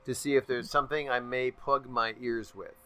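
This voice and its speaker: A man's voice: medium pitch, moderate pace. A man playing a tabletop role-playing game, joking and rambling between his character's moves. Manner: joking, rambling, animated asides. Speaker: player. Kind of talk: casual tabletop game play.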